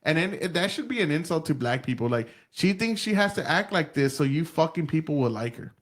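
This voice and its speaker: A man's voice: on the high side, expressive, fairly quick. A man from Texas hosting a podcast, talking bluntly and profanely in casual chat, laughing often. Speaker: podcast host.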